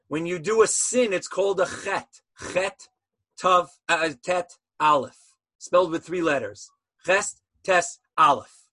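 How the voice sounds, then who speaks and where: A man's voice: high voice, bright, forceful tone, breathy edge, dry recording, poor audio. A man teaching an online class about Hebrew letters in a passionate style, full of rhetorical questions, heard over a video call.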